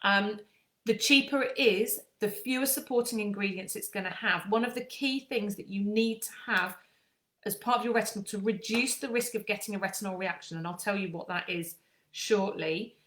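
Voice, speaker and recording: Woman aesthetician, chatty explainer, middle pitch, echoey room. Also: normal speed, fairly bright tone. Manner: chatty, with frequent ums and restarts. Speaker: skincare aesthetician. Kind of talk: casual skincare explainer.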